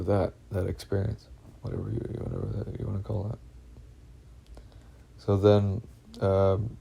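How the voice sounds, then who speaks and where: A man with a deep, very gravelly voice and a dark, husky tone speaks in a rambling vlog monologue. He halts often, restarts sentences and swears freely. His telling sounds uneasy throughout. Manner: halting, full of fillers and restarts, heavy swearing. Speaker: vlogger recounting personal experiences. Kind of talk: rambling first-person monologue.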